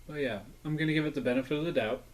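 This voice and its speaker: A man's voice: fairly high pitch, very fast, low-quality recording. A man rambling casually through a snack review, sometimes talking with his mouth full. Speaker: food review vlogger. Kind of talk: casual food review vlog.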